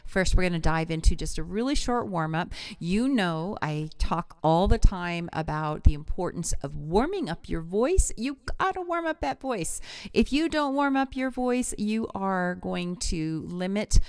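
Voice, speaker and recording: Middle-aged woman, live vocal coach; smooth, resonant voice, close and dry; chatty, digresses. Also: lowish voice, animated, measured pace, few pauses, no room sound. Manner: chatty, digressive, warmly enthusiastic. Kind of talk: live-streamed singing lesson.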